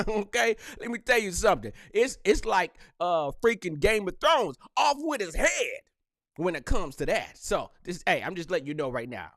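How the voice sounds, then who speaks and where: A young man hosts a live podcast, talking fast in slang and riffing with quick laughs. His voice sits high and swings widely in pitch. The sound is dry and close, with no room around it. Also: expressive, fairly bright tone, no room sound. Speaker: podcast host.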